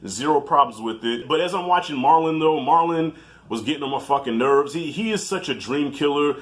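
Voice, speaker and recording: A man in his thirties giving a casual, animated film review in slangy talk, laughing easily. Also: a little high, a little fast.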